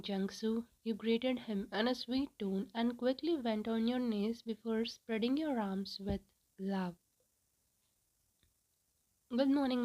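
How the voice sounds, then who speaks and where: A woman reading a fan fiction story aloud in an even, unhurried storytelling manner. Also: on the high side, low-quality recording.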